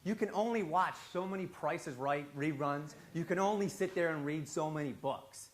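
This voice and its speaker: A man telling an animated story on stage in a large, very echoey hall. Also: a little high, moderate pace. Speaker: public speaker. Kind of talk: storytelling talk. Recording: very echoey hall, faint ambience.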